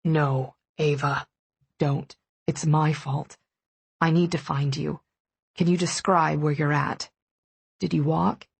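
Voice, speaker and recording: A woman voicing an anxious, intense wealthy young man in an audiobook, speaking low, urgent and hushed. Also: steady tone, takes it slowly, gravelly, pauses often, slightly rough, no room sound, heavily acted. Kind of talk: audiobook dialogue.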